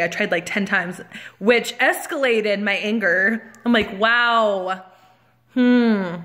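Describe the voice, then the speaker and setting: A woman in her thirties telling a rant as a casual storytime, animated, laughing often and getting louder as she gets worked up. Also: medium pitch. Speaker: vlogger.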